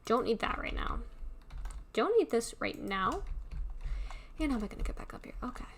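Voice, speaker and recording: A woman's voice: on the high side, sing-song, normal speed, vocal fry, a bit bright, slight background noise. A woman livestreaming a game, chatting in a rambling, casual way and laughing often. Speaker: livestreamer playing a block-building game. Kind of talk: casual live-stream chatter while playing.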